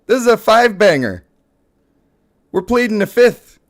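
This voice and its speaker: A man's voice: high voice, measured pace, pauses often. A young man hosting a live mobile game stream, joking and hyping up his pulls for chat. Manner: playful, excitable, joking with chat.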